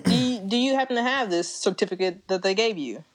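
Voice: mid-range voice, a little fast, rough recording. A speaker teasing a comedy character with questions, playing along with mock gasps. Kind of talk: improvised comedy chat.

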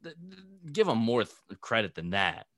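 A male podcast co-host with a low voice who chimes in to agree and add short comments. He talks in a relaxed, conversational way. The sound is dry and close. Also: moderate pace, no echo. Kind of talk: casual sports podcast chat.

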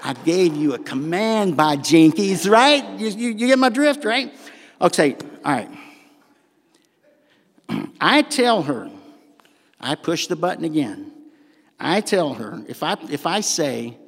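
An older man with a Southern accent preaching a sermon in a church, folksy and animated with humorous asides. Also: sits high, slow, long pauses. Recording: long hall reverb.

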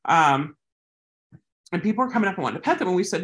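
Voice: sing-song, fast, fairly bright tone. Chatty dog trainer telling training stories. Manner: chatty, acts out quoted people with big pitch jumps. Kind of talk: casual training instruction with anecdotes.

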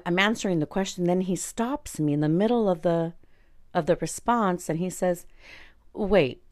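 A woman's voice: on the low side, darkish tone. A woman in her forties from East Los Angeles, telling a personal story as a podcast host in a blunt, profane, casual way. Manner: blunt and profane, talks straight to listeners.

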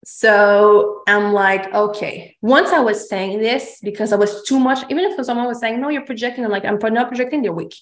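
A woman's voice: mid-range voice, moderate pace, few pauses. Emphatic woman host, echoey room. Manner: emphatic, swears freely, acts out her own past lines. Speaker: podcast host. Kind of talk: candid confessional chat. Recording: roomy echo.

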